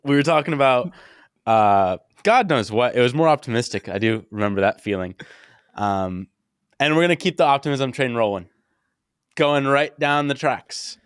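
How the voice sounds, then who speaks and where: A man's voice: mid-range voice, animated, normal speed, smooth, dry recording, studio quality. A young man co-hosting a podcast in casual chat, rambling and joking with playful analogies. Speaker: podcast co-host.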